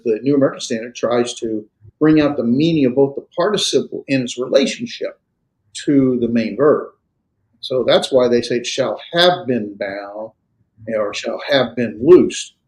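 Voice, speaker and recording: A man teaching a Greek class, explaining grammar in a halting lecture with many fillers and restarts. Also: medium pitch, darkish tone. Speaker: Greek instructor.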